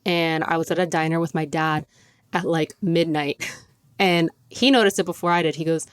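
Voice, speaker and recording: Chatty and quick to laugh, this young podcast host fills her casual talk with "like." She has a low, steady voice at a moderate pace, with a clean tone and no echo.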